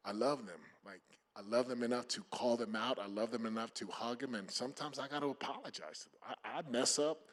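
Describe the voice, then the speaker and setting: Husky-voiced man, emphatic panel speaker. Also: medium pitch. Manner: emphatic, many fillers and restarts. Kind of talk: motivational panel talk.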